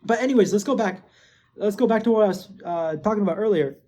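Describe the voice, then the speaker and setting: A man's voice: high-pitched, fast. A man casually recapping a TV episode, rambling with lots of filler words and swearing. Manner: gets excited and loud when hyping. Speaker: show recap host.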